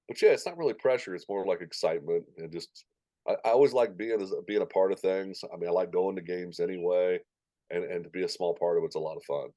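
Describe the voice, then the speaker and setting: Announcer guest in his forties, low and mellow, animated storyteller, dry close mic. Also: no room sound. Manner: animated anecdotes, acting out quoted voices. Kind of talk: casual interview storytelling.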